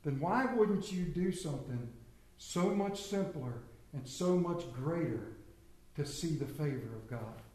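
Male preacher, high voice, lively storytelling sermon in a roomy hall. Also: unhurried. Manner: animated, acts out bible characters, addresses congregation by name.

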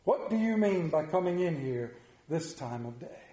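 A man voicing a reformed old miser who swings between gleeful shouts and mock growls, read aloud in a sermon. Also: on the high side, sing-song, normal speed, echoey room. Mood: mock gruff.

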